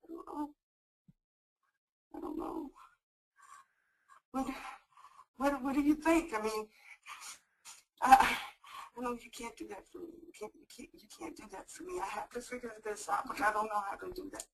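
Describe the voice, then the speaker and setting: A high-voiced, tearful woman trapped by an abusive partner stumbles over her words, as a woman plays her in a training role-play. A faint hiss runs under the voice. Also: gravelly, poor audio. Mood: panicked. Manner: halting, repeating herself.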